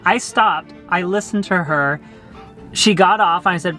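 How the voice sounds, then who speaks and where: A man's voice: sits high, measured pace, sharp tone, faint music behind. A young adult man telling a story in a chatty, easygoing way as a vlog co-host. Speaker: vlogger. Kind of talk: casual storytelling.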